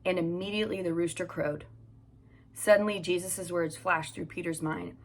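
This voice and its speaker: A woman's voice: lowish voice, fairly even intonation, normal speed. A woman hosting a devotional podcast, chatting casually and reading scripture aloud while recording in a home closet. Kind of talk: casual devotional Bible teaching.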